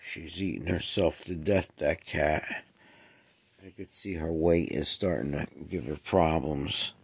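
Man, sick and short of breath, gravelly and slow, coos to his cats, mutters low, at home. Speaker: cat owner filming his pets. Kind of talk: casual home video chat.

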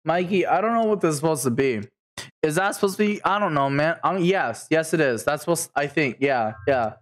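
A man streaming a game who swears and swings between screaming and low mumbling. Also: brisk. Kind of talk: live game streaming commentary.

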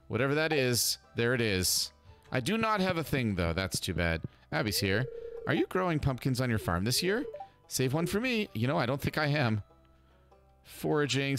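A man hosting a gaming channel, giving chatty, excitable let's-play commentary. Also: mid-range voice.

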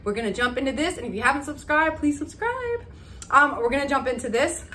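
A woman, chatting excitedly to her viewers in a casual haul vlog. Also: sits high, fast talker, slight background noise. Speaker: vlogger.

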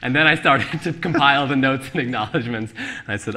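Author at a live book talk: a man, bright and keen, laughs easily, restarts his sentences a lot. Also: mid-range voice, a little fast, slight background noise. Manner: laughing, animated, many restarts. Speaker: author discussing his novel. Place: live event venue with audience.

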